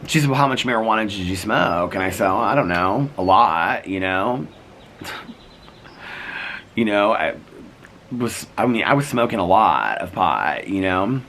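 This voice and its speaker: A middle-aged man talks straight to camera in a relaxed, chatty vlog, winding through a story with lots of "like" and "you know" and acting out both sides of old conversations. His voice sits low but has a bright, forward edge. A faint hiss runs under the recording. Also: a little slow, long pauses. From United States. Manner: chatty, full of "like" and "you know", acts out quoted exchanges. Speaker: vlogger.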